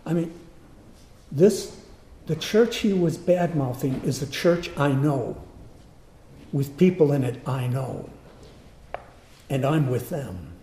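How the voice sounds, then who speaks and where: A man telling a personal story in a sermon, in an earnest, animated way. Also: medium pitch, slow, long pauses, slight background noise. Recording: roomy echo.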